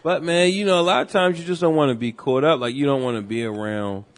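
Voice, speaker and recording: A man co-hosting a podcast, telling stories in loose, animated casual chat full of slang and swearing. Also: on the high side, fast talker. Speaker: podcast co-host.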